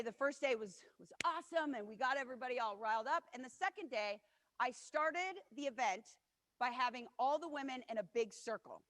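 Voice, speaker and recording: The keynote speaker, a woman in her forties, has a slightly high, fairly bright voice. She shares personal stories in a motivational speech, earnest and heartfelt, voicing quotes from others, all echoing with long hall reverb.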